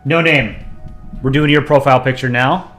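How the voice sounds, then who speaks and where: A man's voice: mid-range voice, normal speed, roomy sound, faint music behind. Laid-back man chatting on a livestream. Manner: relaxed, chatty, thinks aloud. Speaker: streamer and comic artist. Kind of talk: casual livestream chat.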